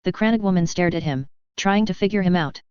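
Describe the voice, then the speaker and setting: A woman reading a fantasy fan fiction story aloud in an even, steady manner. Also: on the low side, brisk, smooth, no echo. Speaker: narrator. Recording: slightly dull lo-fi dry.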